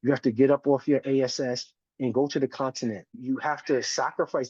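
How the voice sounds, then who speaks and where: A man's voice: a little high, a little mellow, breathy edge, no room sound. Emphatic man in his forties, dull dry audio. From United States. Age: 40s. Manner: emphatic, preachy, keeps tagging "right?". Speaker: podcast guest, community educator. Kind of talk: passionate conversational interview.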